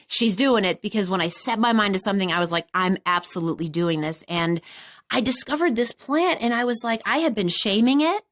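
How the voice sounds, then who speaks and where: A middle-aged woman hosting a podcast, telling a self-mocking story in a casual, animated way and acting out what people said. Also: medium pitch, fairly quick. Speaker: podcast host.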